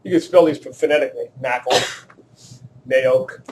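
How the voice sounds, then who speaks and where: A man's voice: mid-range voice, moderate pace, a little hiss or hum. A male chemistry teacher lecturing a class in a classroom, joking and quizzing students as he works through problems. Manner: joking, self-deprecating, asks the class questions.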